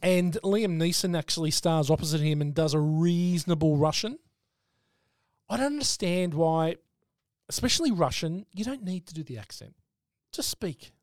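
A man's voice: fairly high pitch, normal speed, a little mellow, no room sound, clean studio sound. A man hosting a casual film podcast, blunt and sweary as he leads each segment. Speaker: podcast host.

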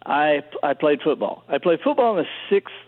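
A middle-aged man tells stories as an interview guest, his voice sitting a little high. He talks in a lively way and keeps restarting his sentences. The sound is thin and tinny, like a phone line. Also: normal speed. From Alabama, US. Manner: animated storyteller with many restarts. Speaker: author guest. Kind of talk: conversational storytelling interview.

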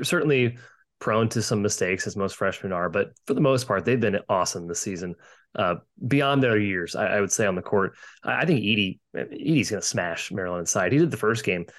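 A man hosting a casual sports betting podcast, upbeat and opinionated, often repeating a word as he starts a thought. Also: lowish voice. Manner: upbeat, quick to share opinions, repeats words when starting. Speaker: podcast host leading segments.

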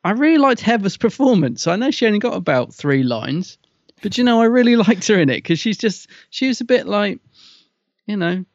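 A man's voice: sits high, very animated, a little fast, dry recording. A man co-hosting a casual podcast review, hesitant and weighing his mixed feelings as he talks. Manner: hesitant, conflicted, restarts often. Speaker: podcast co-host. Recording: dry, dull lo-fi sound.

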